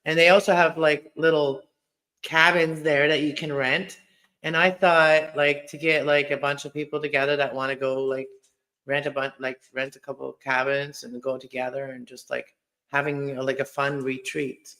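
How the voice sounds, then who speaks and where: A man's voice: medium pitch, little pitch movement, normal speed, sharp tone. A man who grew up in a Mennonite community in Mexico, chatting casually as a YouTuber and tripping over many "like" fillers. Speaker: YouTuber, co-host of live chat. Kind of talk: casual chat.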